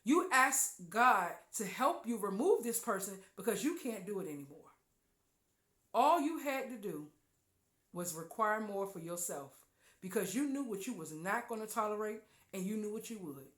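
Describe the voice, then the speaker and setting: A woman hosting a podcast, giving an emphatic, preachy spiritual talk with loud exclamations. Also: mid-range voice, expressive, normal speed, echoey room. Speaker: podcast host.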